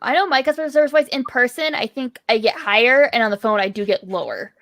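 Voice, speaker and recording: A woman's voice: fairly high pitch, lively intonation, fast talker, a bit bright, no echo, studio quality. A woman in a casual group chat, easygoing and giggly.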